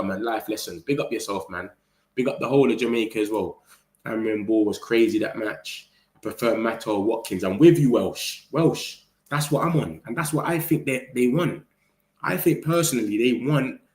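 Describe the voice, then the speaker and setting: A man hosting a football channel, chatting casually with viewers in slangy, animated talk. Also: on the low side, echoey room. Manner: slangy, animated, talks straight to chat. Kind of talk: casual live-stream chat reading viewer comments.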